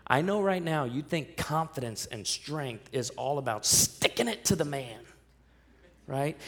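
A man, a pastor, preaching a sermon, telling a story and rising to loud, emphatic peaks. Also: fairly high pitch, lively intonation, a little slow.

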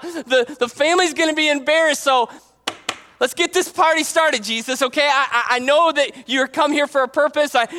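A man's voice: extremely high pitch, bright, forceful tone, full character voice. A preacher putting on Mary, a pleading, nudging mother. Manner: coaxing, teasing, casual modern slang. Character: Mary, a fussing, pleading mother of middle age.

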